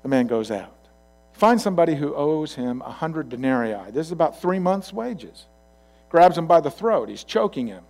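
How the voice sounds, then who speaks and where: A male pastor giving a sermon in a conversational storytelling way, swinging from loud to quiet asides. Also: a little high, expressive, normal speed.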